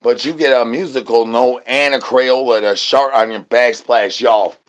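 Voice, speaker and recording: A man hosting a livestream, talking to his chat in goofy rhyming nonsense with singsong repeats, swinging between low mumbles and loud shouts. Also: steady tone, moderate pace, dull audio. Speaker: livestream host. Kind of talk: rambling comedic stream chatter.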